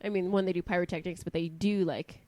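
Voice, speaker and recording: A woman's voice: lowish voice, steady tone, fast, darkish tone, no room sound. A woman co-hosting a podcast, chatting casually and swearing as she tells stories. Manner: chatty, profane, apologetic storyteller. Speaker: podcast co-host. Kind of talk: casual chat.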